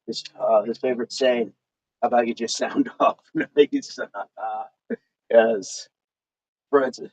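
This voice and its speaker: Lower-voiced man chatting through a workout. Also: slightly rough, dry recording. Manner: reads viewer comments aloud and counts reps between chatty remarks. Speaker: fitness livestream host. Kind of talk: casual livestream chat while exercising. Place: outdoors in the countryside. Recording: dull lo-fi sound with faint noise.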